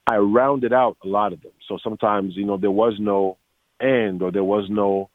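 A man's voice: on the low side, steady tone, moderate pace, no echo. A man in a casual interview, telling stories animatedly and acting out quotes, with many restarts. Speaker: voice actor guest. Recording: dry tinny phone-like line.

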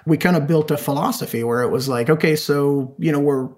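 A man as an interview guest, an animated storyteller who acts out quotes and uses many fillers. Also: a little high, a little fast. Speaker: comic creator guest. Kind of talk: casual interview talk.

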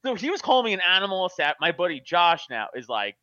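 A man's voice: high-pitched, big pitch swings, fast, bright, forceful tone, no room sound, muffled recording. A man telling a profane, laughing story in casual chat.

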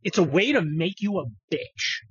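Male podcast host, profane and mocking, lively swinging voice, dry lo-fi sound. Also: sits high, normal speed, breathy edge, no echo. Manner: profane, mocking, jumps between topics. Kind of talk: casual ranting chat.

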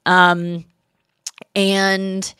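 A woman's voice: medium pitch, very slow, smooth, dry recording. Chatty woman podcast host, dry sound. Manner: animated storytelling, quotes people in voices. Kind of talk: casual chat.

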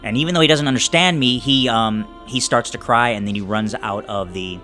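A man playing a tabletop role-playing game, narrating his character's actions in a halting way with many restarts. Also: mid-range voice, bright, forceful tone, faint music behind. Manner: halting, many restarts while describing scenes. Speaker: player.

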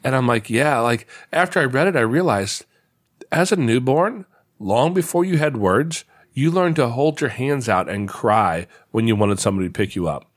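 A man's voice: medium pitch, expressive, moderate pace, dry recording, studio quality. A man in his thirties talking casually from his home office, reflective and full of restarts. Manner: reflective, storytelling, many restarts. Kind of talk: casual conversation.

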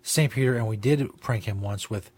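A man's voice: lowish voice, moderate pace, darkish tone, husky. A male talk-show host rambling casually and profanely, laughing at his own jokes, in a studio.

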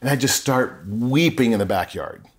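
A middle-aged man speaking as a podcast guest at an ordinary mid-range pitch. He tells his story earnestly and with plain emotion, often stopping to restart a sentence. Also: animated, normal speed. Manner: earnest and emotional, with frequent self-corrections. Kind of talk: candid personal storytelling.

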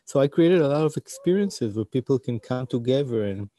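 A man's voice: medium pitch, animated, fairly quick, warm tone, dry recording. A young man answering interview questions, often searching for words and restarting his phrases. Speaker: interview guest, digital community organizer.

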